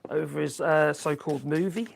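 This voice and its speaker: A man's voice: fairly high pitch, fairly even intonation, moderate pace, vocal fry. A man hosting a live stream, giving blunt, rambling, opinionated commentary on the news.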